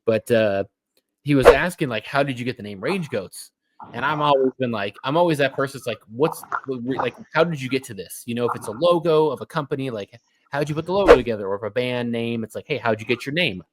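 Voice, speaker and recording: A man's voice: medium pitch, fast talker, background noise. A man co-hosting a casual podcast, chatting loosely and rambling with fillers. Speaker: podcast co-host. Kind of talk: casual chat.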